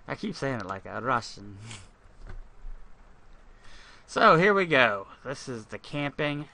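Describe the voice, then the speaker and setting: A gaming channel host offers loose, rambling gameplay commentary, thinking aloud and cursing now and then. His voice is on the low side, bright, and forceful.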